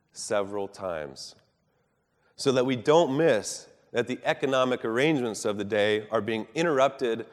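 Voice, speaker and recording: A man preaching a sermon in an earnest, measured way, rising for emphasis and dropping soft at the ends of thoughts. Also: mid-range voice, long reverb tail.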